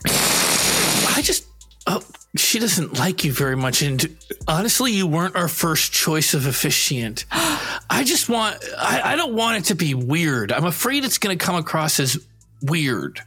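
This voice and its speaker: Man doing an earnest stammering cat lover, lively bright voice, husky edge. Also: a little high, a little slow, exaggerated voice. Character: earnest young man in love with his cat. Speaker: improv performer.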